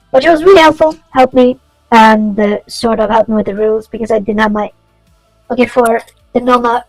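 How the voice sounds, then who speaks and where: Gravelly woman rambling while she codes. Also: fairly high pitch, a little mellow, rough recording. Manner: rambling, swears freely. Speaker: streamer coding a game. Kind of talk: casual chat while coding.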